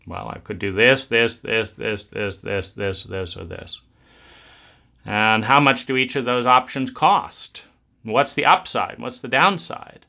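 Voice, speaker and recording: A man's voice: mid-range voice, creaky, sharp tone. A man giving a reflective self-help talk in a conversational, musing way, acting out inner voices as he goes. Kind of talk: reflective spoken talk on adulthood.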